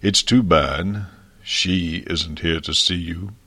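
A man voicing a huge, old, frank male dragon in a fiction reading, with a deep, thunderous voice. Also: steady tone, slow, bright, forceful tone, exaggerated voice. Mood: fond.

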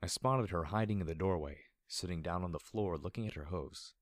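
A man reading a first-person story aloud in a steady, low-key narration. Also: a little fast, no room sound, studio quality. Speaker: audiobook narrator.

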